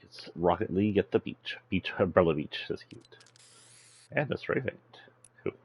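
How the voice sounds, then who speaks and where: A man's voice: sits low, expressive, moderate pace, slightly rough, lo-fi sound. A man streaming games live, rambling casually, chuckling to himself and chatting to his cat. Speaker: game streamer.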